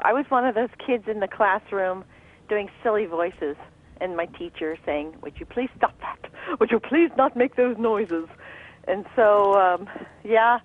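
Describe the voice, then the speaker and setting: A woman voice actress calling in as a radio guest, playful and quick to laugh as she chats. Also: medium pitch. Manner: bubbly, playful, laughs often. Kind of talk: casual radio interview. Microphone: telephone. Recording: muffled telephone line.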